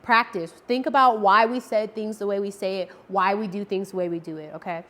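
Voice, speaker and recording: A woman dog trainer talks straight to the camera in a relaxed, casual way. She keeps checking in with a quick "okay?" and acts out each cue word in a bright, playful tone. Her voice sits at an ordinary middle pitch. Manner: friendly, repeats "okay?" to check understanding; acts out marker words with lively tone changes. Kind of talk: casual instructional talk to camera.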